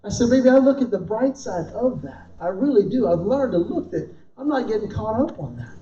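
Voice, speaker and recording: A man doing stand-up comedy with a faith message, telling animated stories and acting out both sides of conversations. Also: high-pitched, a little fast, a little hiss or hum. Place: hall with a live audience. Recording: echoey hall, distant mic, dull lo-fi sound. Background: audience laughter.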